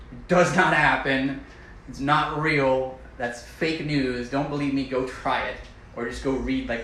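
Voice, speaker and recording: A man's voice: fairly high pitch, a bit bright. Emphatic, playful man in an echoey room. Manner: emphatic, repetitive, playfully enthusiastic. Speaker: health vlogger. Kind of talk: casual to-camera advice talk. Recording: echoey room with faint ambient noise.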